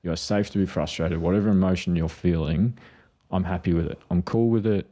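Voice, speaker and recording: A man's voice: sits low, a little fast, dark tone. A man, a mental health clinician co-hosting a parenting podcast, telling stories and acting out what people said. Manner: storytelling, acts out quotes. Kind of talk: casual parenting chat.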